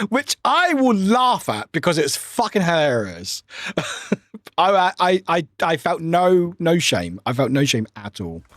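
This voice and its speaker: A man's voice: a little high, big pitch swings, takes it slowly, fairly bright tone, dry recording. A British man chatting casually with his livestream viewers, rambling and often laughing at himself. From United Kingdom.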